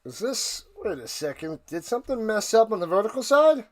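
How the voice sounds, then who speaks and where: A man hosting a live stream, giving casual play-by-play commentary that bursts into excited shouted calls. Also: high voice, fairly quick.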